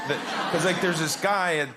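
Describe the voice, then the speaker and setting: A man on a talk show, telling a comic anecdote with lively laughter and acting out the voices in it. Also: sits high, normal speed, background noise. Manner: animated storyteller, laughs through lines, acts out his son's and his own words. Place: TV studio with a live audience.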